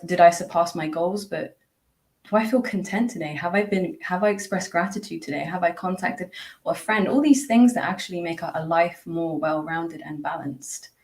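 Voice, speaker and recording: A woman's voice: on the low side, darkish tone. A woman guest on a podcast, talking casually and reflectively, chatty with frequent laughs and lots of fillers and restarts. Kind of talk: casual reflective interview talk.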